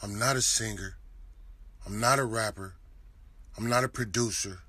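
A man's voice: on the low side, normal speed, pushed and bright, slight background noise. A man giving a profane, mocking comedic roast rant as the show's host.

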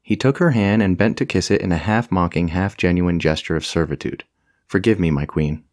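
A man's voice: low voice, a little fast, darkish tone, no echo, clean studio sound. A man narrating a comic fantasy audiobook with a wry, storytelling delivery.

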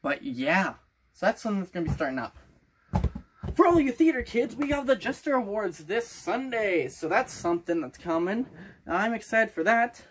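A man's voice: high-pitched, very animated, normal speed, fairly bright tone, slight background noise. Rambling teenage boy vlogger. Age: teens. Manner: rambling and playful, putting on a loose made-up accent. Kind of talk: casual vlog talk to camera.

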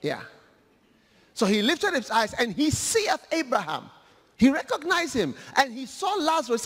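A male preacher giving an animated, humorous sermon, acting out scripture in a large hall. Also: very high-pitched, moderate pace. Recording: long hall reverb.

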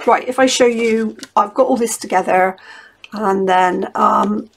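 A chatty middle-aged woman talks through her crafting at home, often breaking off mid-sentence. Her voice sits at an ordinary middle pitch. A faint hiss runs behind her. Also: a little slow, vocal fry. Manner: chatty, rambling, self-interrupting. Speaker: craft vlogger. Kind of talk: casual chatty craft tutorial.

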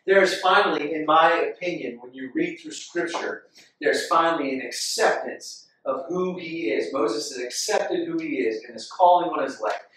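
Man preaching, fairly high voice, impassioned, repeats himself, booming hall echo, distant mic. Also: normal speed. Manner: impassioned, repeats phrases, rises loud when reading scripture. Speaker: pastor. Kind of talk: sermon. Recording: echoey hall, from far off.

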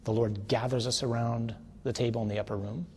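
Man, priest, teaching talk, conversational, tag questions, emphatic climaxes, average pitch. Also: steady tone, fairly quick, a little hiss or hum. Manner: builds to forceful, emphatic declarations.

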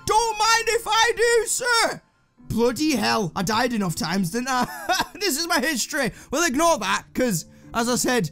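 A man commentating on a video game he plays, excitable and full of swearing, yelps and laughs. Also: very high-pitched. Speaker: gaming video host. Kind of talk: let's play commentary.

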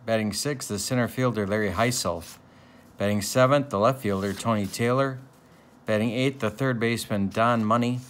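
A man narrates a tabletop baseball replay in the manner of a old-school sportscaster. His delivery is mock-serious and deadpan. It moves at an easy, relaxed pace, with plenty of fillers in between. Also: fairly low pitch, normal speed, slight background noise. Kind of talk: play-by-play style narration of a tabletop game replay.

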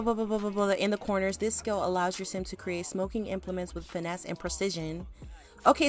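Slangy woman narrating her game. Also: medium pitch. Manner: animated, slangy, breaks into shrieks of mock alarm. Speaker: gaming YouTuber. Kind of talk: casual gameplay commentary.

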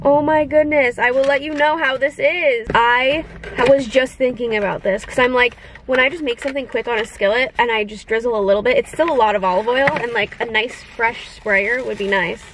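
A young woman in her twenties chatting casually to her viewers as she opens gifts, gushing and gasping with excitement. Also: fairly high pitch, fairly quick, a little hiss or hum, low-quality recording. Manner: gushing, excitable, gasps often. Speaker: vlogger. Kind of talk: casual unboxing chat.

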